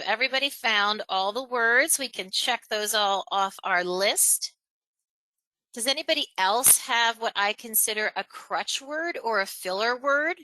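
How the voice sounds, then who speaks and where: A woman presenting a live webinar on speaking skills, animated and chatty, acting out examples. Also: no echo, low-quality recording. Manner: animated, acts out examples in a higher voice, laughs between points. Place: online webinar, home or office.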